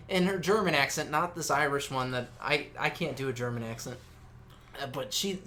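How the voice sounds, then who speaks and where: A man's voice: medium pitch, normal speed, bright, forceful tone, slight background noise. A man in his twenties co-hosting a casual gaming chat, rambling and swearing freely. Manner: rambling, swears often, many fillers. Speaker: co-host.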